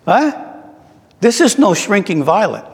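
A middle-aged man preaching a sermon, slow and reflective, asking his listeners questions. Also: sits high, very animated, darkish tone. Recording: long reverb in a large hall.

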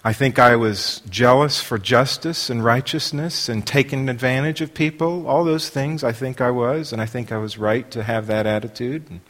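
A preacher tells a story from the pulpit in a loose, rambling way, full of "you know" and restarts. His voice sits at a mid pitch. It is heard through long reverb, as in a large hall. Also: normal speed, few pauses, fairly bright tone. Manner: rambling storytelling with many fillers. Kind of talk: sermon anecdote.

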